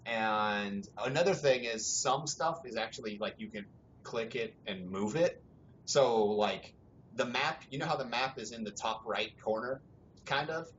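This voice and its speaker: A young man hosting a casual gaming podcast, rambling in a relaxed way, swearing freely and laughing often. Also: mid-range voice, a little slow. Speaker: podcast host. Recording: dull lo-fi sound, faint background noise.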